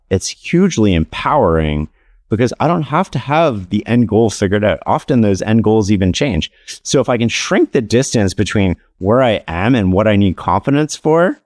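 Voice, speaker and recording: Male author guest, low voice, dry close sound, relaxed storyteller with casual fillers. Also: no echo. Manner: relaxed, anecdotal, many "like" fillers. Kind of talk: conversational interview storytelling.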